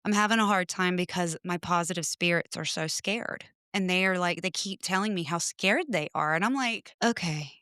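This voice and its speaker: A woman speaking as a podcast guest, talking casually in a bright, clear voice. She tells her stories in a chatty way and plays out what everyone said. The sound is close and dry, from a small home studio. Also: on the low side, moderate pace, hardly any pauses, no echo. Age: adult with children. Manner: chatty storyteller, animated retelling of conversations. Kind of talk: casual chat.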